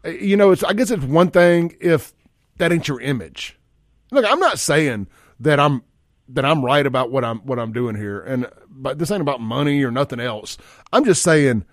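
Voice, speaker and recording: A man's voice: fairly high pitch, moderate pace, no echo, clean studio sound. A man hosting a radio talk show, rambling in a folksy way with frequent restarts. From Mississippi. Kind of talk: casual talk radio monologue. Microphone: studio microphone.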